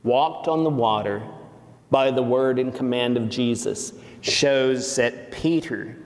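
A pastor preaching a sermon slowly and deliberately, rising for emphasis. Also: male voice, mid-range voice. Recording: long reverb of a church hall.

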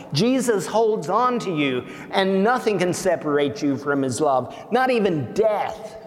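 Man preaching, slow measured delivery, somewhat high voice, long hall reverb. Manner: slow, deliberate preaching with emphatic rises. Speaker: pastor. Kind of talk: sermon.

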